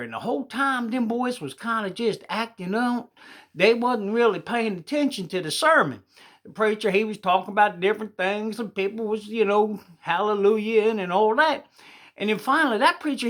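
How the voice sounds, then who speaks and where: A man's voice: sits high, fairly bright tone. Folksy man spinning a church joke. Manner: folksy, rambling, colloquial grammar. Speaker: joke teller.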